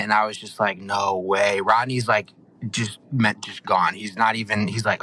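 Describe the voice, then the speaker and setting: A young man on a podcast, excitedly recapping a reality show in a rambling, animated way. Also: fairly low pitch, moderate pace, a little hiss or hum, poor audio. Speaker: podcast co-host.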